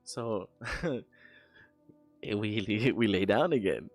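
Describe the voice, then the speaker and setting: A young man chats loosely on a stream as he works, trailing into stories and dropping curses along the way. His voice sits a little low. Faint music plays quietly behind him. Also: expressive, drawn-out words. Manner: rambling, swearing, laughing storyteller. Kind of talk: casual chat while working on an animation.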